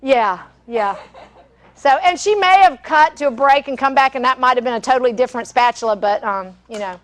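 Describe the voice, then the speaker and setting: A woman's voice: high-pitched, animated, a little fast. Chatty woman teaching cooking. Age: middle-aged. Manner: chatty, laughing storyteller with many fillers. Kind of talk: live cooking demonstration with stories.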